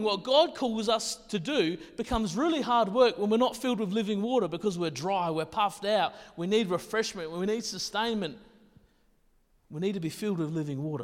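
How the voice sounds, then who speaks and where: An Australian man with a high-pitched voice preaches a sermon in an easygoing, conversational style. He often restarts and repeats his words and drops in self-deprecating asides. His voice rings out with the long reverb of a large church hall.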